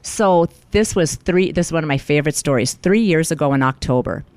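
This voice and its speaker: A woman's voice: deep voice, brisk, dry recording. A middle-aged woman, a life coach, telling a personal story in an interview and acting out the lines of the people in it. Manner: animated storyteller, acts out quoted lines.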